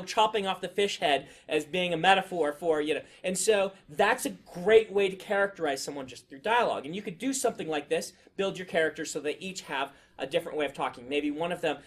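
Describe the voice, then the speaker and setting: A man leading a writing class in a classroom, chatting casually with students and using many fillers. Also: a little high. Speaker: writing instructor. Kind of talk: classroom lecture and discussion.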